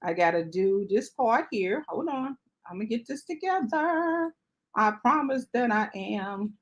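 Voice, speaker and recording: A woman hosting a casual livestream chat. She is chatty and animated and tags her sentences with "okay?". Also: mid-range voice, slow pace. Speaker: host.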